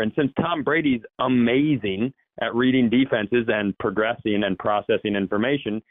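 A man's voice: medium pitch, normal speed, no room sound. A man in casual sports chat, rambling and correcting himself as he talks through football. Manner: rambling, self-correcting, jumps into quoted voices. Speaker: sports show guest. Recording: tinny phone-like line.

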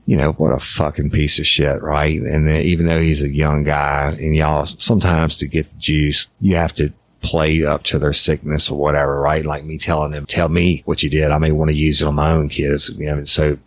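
A man's voice: rumbling low, completely flat delivery, moderate pace, hardly any pauses, no room sound. A middle-aged man telling a true-crime case in a blunt, profane, plain-spoken way as a podcast host. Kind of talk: casual true-crime storytelling.

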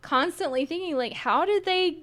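A woman's voice: very high voice, moderate pace, fairly bright tone. A woman co-hosting a podcast in casual book chat, enthusiastic and laughing often as she goes off on tangents. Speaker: podcast co-host.

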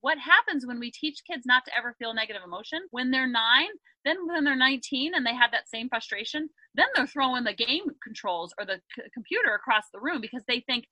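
A woman in her thirties, a parenting coach and podcast guest, explaining her approach in a lively conversational way, often acting out quotes. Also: fairly high pitch, brisk, few pauses, dry recording, rough recording. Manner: upbeat, animated storytelling with acted quotes. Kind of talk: conversational interview.

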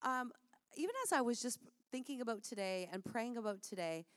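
A woman speaking earnestly and warmly in a conversational Christian talk, laughing often as she encourages listeners. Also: on the high side, animated, fairly quick, no room sound, studio quality.

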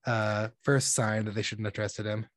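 A young man chatting casually about a movie, animated and quick to mimic characters. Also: lowish voice, no room sound, clean studio sound.

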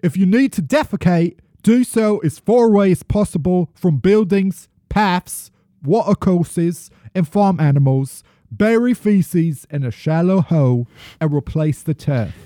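Podcast host putting on a shaky british accent, stiff royal official, formal and loud, dry close sound. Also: medium pitch, animated, unhurried, no room sound, lightly acted. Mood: pompous. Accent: put-on British, heard through a Midwestern American accent. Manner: formal, proclamation-like, louder than usual. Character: stiff royal official reading a public notice. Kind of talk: comic impression on a podcast.

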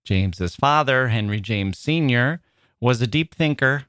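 A man's voice: mid-range voice, expressive, a little slow, a bit bright, dry recording. A man hosting a literary podcast in a playful, jokey manner, telling stories and chuckling at them, recorded in a studio. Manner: jokey storyteller who chuckles at his own stories. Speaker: podcast host.

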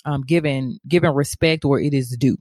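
A woman co-hosting a casual chat, animated and slangy, quick to laugh. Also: rumbling low, dry recording, studio quality.

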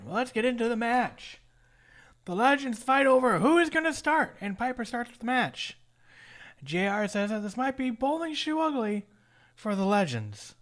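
A man's voice: very high-pitched, fairly bright tone. A man co-hosting a casual podcast, recapping a wrestling match move by move with joking asides. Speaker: podcast co-host.

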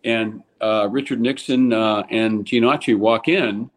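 An older man from California, a former baseball player, telling lively stories in a casual interview and acting out the quotes. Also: unhurried. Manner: animated storyteller, acts out quotes with raised pitch.

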